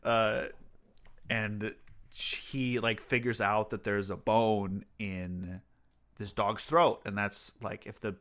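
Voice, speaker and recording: A man co-hosting a book podcast, talking at an unhurried pace. He recaps chapters in a loose, laid-back way, full of "like" and "uh" and quick laughs. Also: lowish voice, flat delivery, a bit bright. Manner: laid-back storytelling, frequent laughs and fillers. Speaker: podcast co-host. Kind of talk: casual book-club chat.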